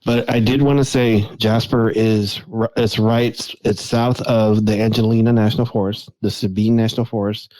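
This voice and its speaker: A low-voiced man chats as a podcast guest, loose and rambling as he works his way through a point. The sound is dry and close. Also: flat delivery, moderate pace, hardly any pauses, dark tone, no echo, rough recording. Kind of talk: casual podcast chat.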